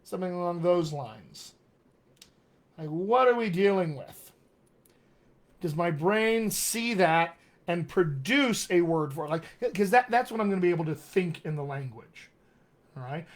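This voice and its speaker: A man's voice: sits high, expressive. A man teaching as a dialect coach on a live video stream, talking conversationally, often checking in with "all right?" and calling viewers his friends. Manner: slows down to stress key words. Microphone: webcam or computer mic on a live video stream.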